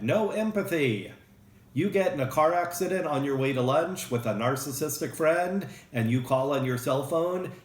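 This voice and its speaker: Joking male psychology lecturer. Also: medium pitch. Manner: casual, joking, lively with acted examples. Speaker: psychology professor. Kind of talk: recorded lecture. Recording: roomy echo.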